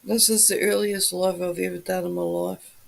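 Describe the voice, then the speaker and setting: Gravelly, just-woke-up streamer voice. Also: medium pitch, little pitch movement, moderate pace. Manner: greets viewers by name, friendly and chatty. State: just woken up, morning voice. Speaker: livestream host. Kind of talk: casual chat with viewers.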